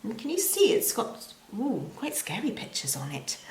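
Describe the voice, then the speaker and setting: A woman teaching a children's language lesson in a slow, clear and playful way, with repeated words and sound effects. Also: on the high side, wildly swooping pitch, darkish tone, slight background noise. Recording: roomy echo.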